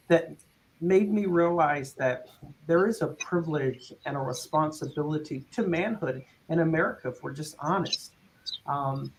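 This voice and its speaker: A man speaking earnestly and reflectively as a panelist, pausing and restarting as he thinks. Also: on the high side, slight background noise, low-quality recording. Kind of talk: panel discussion.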